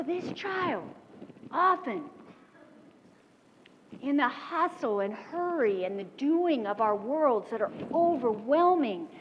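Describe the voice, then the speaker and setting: On a stage microphone in a large lecture hall, a woman with a high-pitched voice delivers a motivational keynote, telling animated stories punctuated by quick laughs. The recording sounds dull, with long hall reverb and slight background noise.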